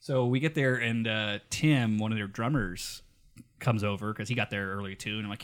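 A man with a Nevada drawl co-hosts a podcast, spinning animated, profanity-laced stories. He laughs often as he talks, in loose casual chat. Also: lowish voice, normal speed. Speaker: podcast co-host.

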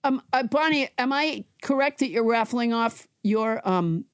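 A woman's voice: fairly high pitch, lively intonation, measured pace, clean tone. A woman co-hosting a comedy podcast, delivering dry wisecracks and comic asides. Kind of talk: stand-up style comic monologue and banter.

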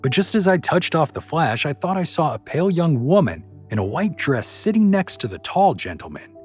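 A man's voice: a little high, sing-song, moderate pace, faint music behind, voice pushed up. A man playing a mystified, hesitant photographer. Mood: puzzled. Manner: hesitant, apologetic.

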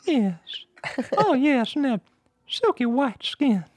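A man's voice: very high voice, big pitch swings, slow, no echo, exaggerated voice. A man putting on the voice of a sassy, flirtatious cab driver who teases his late passenger. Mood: teasing.

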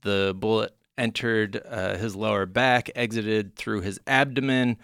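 A male podcast host with a bright, crisp voice that sits a little low. He talks casually and jokes as he goes, filling gaps with "uh" and "like", close to the mic in a dry room. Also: steady tone, unhurried, no room sound. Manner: jokey, rambling explanations with many fillers. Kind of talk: casual comedic chat.

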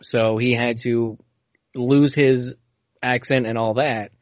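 A man's voice: medium pitch, fairly even intonation, takes it slowly, no echo. A man hosting a casual podcast, telling a story and reading passages aloud, stumbling now and then over hard words. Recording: dull, dry lo-fi audio.

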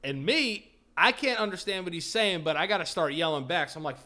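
A man hosting a podcast, casually telling a profane, animated story and laughing at his own telling. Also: high-pitched, fast, hardly any pauses. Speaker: podcast host.

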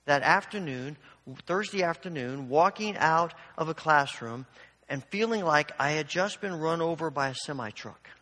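Guy preaching a sermon, high voice, tells a story then gets fired up, big echoey church. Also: expressive, normal speed, pushed and bright. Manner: storytelling, building to fervent exhortation. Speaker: pastor. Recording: long hall reverb.

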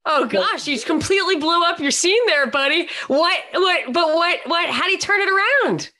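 A woman hosting a podcast, briskly steering the conversation and prompting guests. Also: very high-pitched, animated, sharp tone. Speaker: podcast host. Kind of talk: casual chat.

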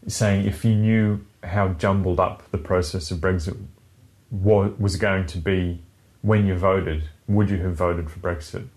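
A man with a very deep voice talks loosely with a friend on a podcast. He wanders from point to point, swears casually and laughs a lot. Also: steady tone, unhurried, darkish tone. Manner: rambling, swears freely, laughs often. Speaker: podcast co-host. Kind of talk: casual chat.

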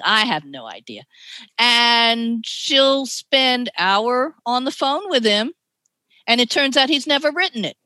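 Woman, New York accent, middle-aged, bright clear voice, dry close sound, animated storyteller. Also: on the high side, dry recording. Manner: animated storytelling, chatty, laughs often. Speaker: ghostwriter guest. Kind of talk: podcast interview.

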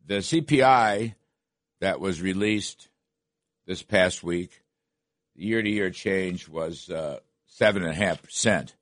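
A man's voice: sits low, slow, long pauses, no room sound. An older man hosting a talk radio show, delivering emphatic, repetitive political commentary from a studio. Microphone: studio microphone.

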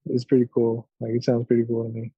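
A man's voice: mid-range voice, completely flat delivery, fast, husky, no room sound. A man co-hosting a casual podcast chat, talking hesitantly with many fillers. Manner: hesitant, lots of fillers and trailing off. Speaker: podcast co-host. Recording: dull lo-fi mic.

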